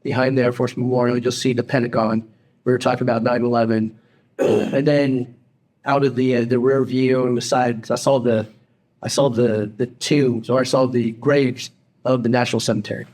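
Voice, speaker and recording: Halting middle-aged man telling a story. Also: medium pitch, little pitch movement, darkish tone. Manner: halting, many restarts when moved. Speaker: podcast co-host. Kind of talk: casual podcast chat.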